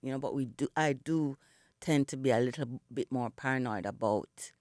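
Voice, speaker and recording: A woman's voice: a bass voice, moderate pace, darkish tone, no echo, clean studio sound. A middle-aged Jamaican woman, a singer, speaking reflectively in a radio interview, still in her morning voice and dotting her speech with "you know". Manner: reflective, storytelling, many "you know" fillers. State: morning voice, not yet warmed up. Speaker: singer and guest. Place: radio studio.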